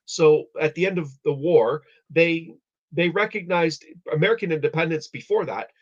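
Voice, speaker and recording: A man with a somewhat high voice talks through history in a loose, rambling way, often restarting his sentences. His audio is muffled and lo-fi, like a basic stream setup. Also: normal speed. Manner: rambling, explanatory, many restarts. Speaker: live stream host. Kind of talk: casual chat. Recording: dull lo-fi audio.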